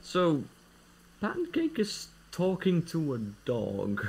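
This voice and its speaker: A man's voice: on the high side, huge pitch swings, slow pace, gravelly, darkish tone, a little hiss or hum. A man chatting as a player in a tabletop role-playing game, blunt and swearing freely. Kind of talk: casual chat during a tabletop game.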